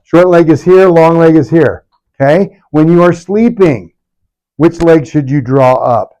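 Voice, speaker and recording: A man's voice: a little high, measured pace, mellow. A middle-aged man, a chiropractor, leading a live workshop with punchy talk, sarcastic asides and constant rhetorical questions.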